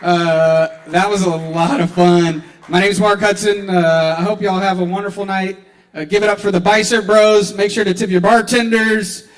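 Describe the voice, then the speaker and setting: A man's voice: high-pitched, steady tone, moderate pace. A man performing comedy at a live open mic in a bar, rambling and giggling between bits.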